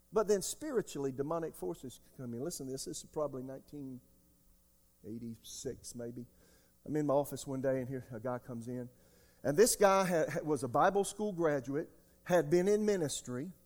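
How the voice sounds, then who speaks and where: A man in his sixties preaching a sermon as pastor, emphatic, jumping between loud outbursts and quiet asides. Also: fairly high pitch, normal speed. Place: church sanctuary. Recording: long hall reverb.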